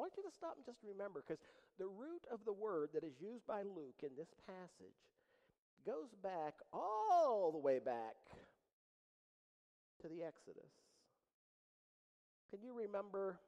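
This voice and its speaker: Man, pastor, sermon, dramatic pauses, building emphasis, reverberant hall. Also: sits high. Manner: animated preaching with dramatic pauses and rising emphasis.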